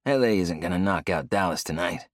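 Reader as laid-back teasing teammate, deep voice. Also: male voice, fairly quick, no room sound, studio quality. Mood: calm. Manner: calm, prodding. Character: calm, teasing young male teammate.

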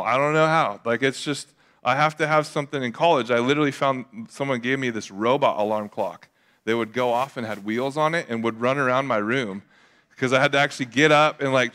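A young adult man preaching a sermon as a pastor, casual and confessional, with lively acted asides. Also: medium pitch, fairly quick.

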